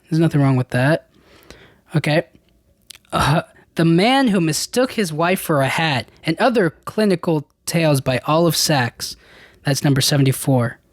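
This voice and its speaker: A man's voice: on the high side, dry recording, studio quality. A man hosting his own podcast, chatting casually and rambling through a list with lots of restarts and casual slang. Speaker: podcast host. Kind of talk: casual solo podcast chat.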